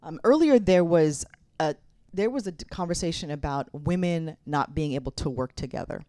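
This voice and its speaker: Middle-aged woman, low pitch, dry close sound, candid keynote speaker with a direct way of advising. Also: normal speed, mellow, no room sound. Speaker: mayor giving a keynote speech. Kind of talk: conference keynote speech. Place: conference hall.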